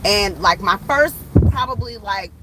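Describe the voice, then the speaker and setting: Animated, chatty woman tarot reader. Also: mid-range voice, a little slow, background noise. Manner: animated, chatty, casual swearing, addresses viewers as y'all. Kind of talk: casual storytelling vlog. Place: outdoors.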